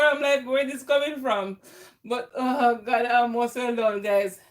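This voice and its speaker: A woman's voice: high voice, fairly even intonation, slow pace. A woman math teacher, chatting with her viewers as she works through an online lesson. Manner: chatty, addresses viewers as guys.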